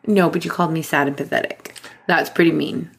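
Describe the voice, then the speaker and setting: A woman's voice: sits low, fairly even intonation, fairly quick, creaky, breathy edge. A woman co-hosting a podcast with her husband, playful and giggly in casual chat. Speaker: podcast co-host.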